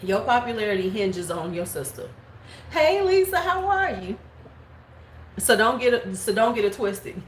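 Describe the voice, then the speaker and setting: A woman in her forties chats on a live stream in a gossipy, animated way, her voice pitched a little high. She jumps into squeaky quoted voices now and then. The sound is roomy and echoey, with a faint noise behind her. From United States. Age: 40s. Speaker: beauty vlogger. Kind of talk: casual live-stream chat.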